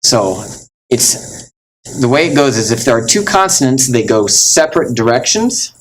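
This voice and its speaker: A man's voice: medium pitch, very animated, moderate pace, a little hiss or hum, low-quality recording. A man teaching a Latin pronunciation lesson, patiently explaining step by step, sounding words out and calling things neat. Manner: mildly enthusiastic, calls things neat. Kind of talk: recorded classroom lesson.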